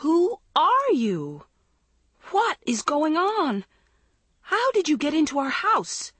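A woman's voice: huge pitch swings, very slow, darkish tone, no room sound, full character voice. A woman voicing a distraught, bewildered teenage girl in an audiobook, crying out in a raised voice. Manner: high, raised, wailing. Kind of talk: audiobook character reading.

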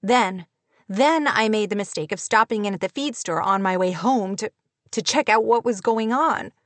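A woman's voice: mid-range voice, normal speed, no room sound, close to an everyday voice. A woman acting as a tearful young teacher. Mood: hurt, resolute. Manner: tearful, sobbing, raised voice. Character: frustrated young woman, schoolteacher, on the verge of tears.

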